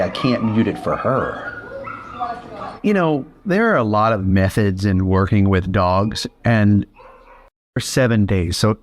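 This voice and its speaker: A man speaking softly and patiently to calm a scared shelter dog, his voice run through a noise filter that makes it sound artificial. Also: fairly low pitch. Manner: soft, reassuring, patient. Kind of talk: gentle talk to a frightened dog, vlog.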